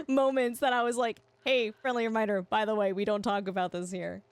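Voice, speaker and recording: A woman's voice: on the high side, normal speed. A young woman streaming a game, chatting with her viewers and often restarting her sentences. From Canada. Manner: chatty, answers chat, stammers and restarts. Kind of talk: casual livestream chat.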